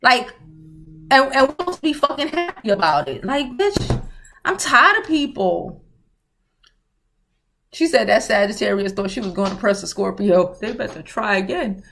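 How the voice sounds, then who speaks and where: A woman's voice: mid-range voice, animated, moderate pace, creaky, a bit bright, slight background noise. A woman hosting a casual livestream, talking bluntly and profanely and often laughing as she answers viewer comments. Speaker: livestream host.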